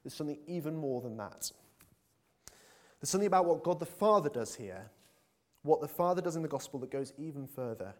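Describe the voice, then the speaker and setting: A man's voice: a little high, expressive, brisk. A man preaching a conversational sermon in a church, earnest and full of fillers, building to emphatic appeals.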